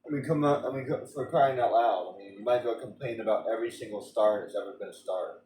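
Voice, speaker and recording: A man's voice: fairly low pitch, quick pace, a little mellow, echoey room, far from the mic, slight background noise, rough recording. A man streaming a game, chatting in a rambling way with frequent restarts and stammers. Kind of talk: casual rambling chat during a game stream.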